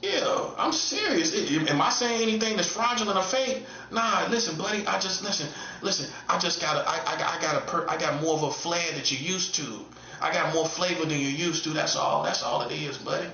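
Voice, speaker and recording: Taunting man in his forties, bright and echoey. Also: a little fast, muffled recording, slight background noise. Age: 40s. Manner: mocking, repetitive rhetorical questions, swinging high and low. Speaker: self-styled prophet streamer. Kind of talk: taunting monologue.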